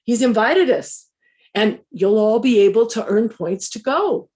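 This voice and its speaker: A woman tells a personal classroom story in a relaxed, conversational way. Her voice sits a bit high, and her delivery is measured, with touches of dry humor. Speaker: storyteller, former teacher.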